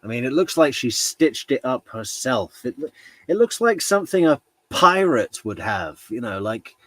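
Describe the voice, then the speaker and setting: A man hosting a true crime commentary, talking casually and haltingly, with laughs and frequent fillers. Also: medium pitch, very animated, a bit bright, no room sound.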